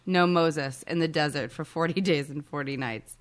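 A woman's voice: deep voice, normal speed. A woman in her thirties co-hosting a casual podcast, joking, swearing freely and laughing often. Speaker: podcast co-host. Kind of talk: casual chat.

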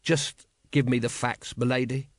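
A man voicing a weary, cynical city watch captain who talks gruffly and impatiently, reading a storybook. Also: medium pitch, flat delivery, a little slow, no echo, studio quality, natural voice.

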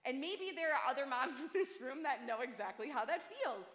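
A woman's voice: high voice, expressive, brisk, hardly any pauses, a bit bright. A woman in her forties giving a sermon, chatty, earnest and self-deprecating. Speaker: church speaker. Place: large church hall. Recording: echoey church hall, long reverb.

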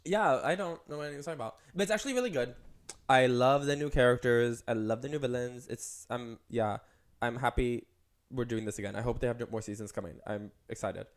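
A man chats casually as a podcast co-host. He talks at a brisk clip and rambles from one thought to the next, filling the gaps with "like" and "um". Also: medium pitch. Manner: rambling, heavy use of "like" and "um".

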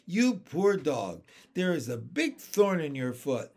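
A man reading the part of a kind, capable older sister, a girl who speaks gently and motherly. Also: a little high, very animated, slow, vocal fry, full character voice. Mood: gentle.

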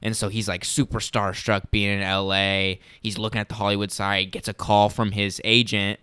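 A young man co-hosting a podcast, telling stories in an excited, rambling way full of "like". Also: on the low side, normal speed, clear, resonant tone, no room sound, clean studio sound. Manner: excited, rambling storyteller with many "like"s. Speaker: podcast co-host. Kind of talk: casual chat.

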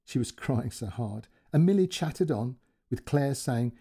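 Gravelly, dark-voiced male storyteller. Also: medium pitch, measured pace. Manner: expressive, emotional reading. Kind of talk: scripted narration of a short story.

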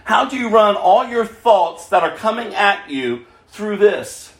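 Impassioned high-pitched male preacher. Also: expressive, measured pace, echoey room. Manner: impassioned, rhetorical questions, swings from loud to hushed. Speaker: pastor. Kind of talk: sermon.

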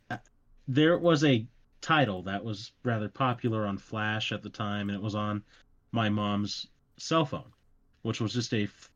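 A man with a fairly low voice talks in a loose, rambling way, full of fillers and self-mocking asides. The recording sounds a little dull and lo-fi. He sounds like a young adult chatting on a podcast. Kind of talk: casual chat.

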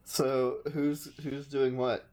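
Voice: medium pitch, flat delivery, slow, mellow. A tabletop game player speaking hesitantly and sheepishly, stumbling over words. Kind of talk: casual tabletop game chat.

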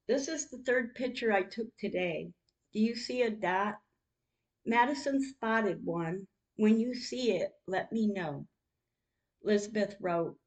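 A woman's voice: mid-range voice, darkish tone. A woman hosting her own podcast, reading out her text messages in an emotional, heartfelt way. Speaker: podcast host.

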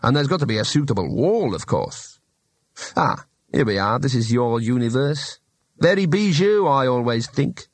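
Man putting on a fussy salesy shopkeeper, chatty, bouncy, husky, storybook. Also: mid-range voice, animated, no echo. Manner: chatty, brisk.

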